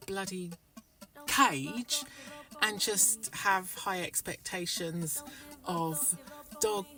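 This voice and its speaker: A woman's voice: lowish voice, extremely slow. A woman in her fifties narrating a vlog in a frank, wry way, with sudden bursts of enthusiasm. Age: 50s. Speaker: vlogger. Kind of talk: voice-over narration. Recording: somewhat distant voice over clear music.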